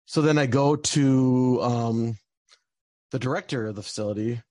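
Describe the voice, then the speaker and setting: A man's voice: medium pitch, measured pace, a little mellow, no room sound. A young man telling a personal story in a casual, rambling way, with lots of fillers and bursts of frustration. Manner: rambling, many fillers, gets heated and swears.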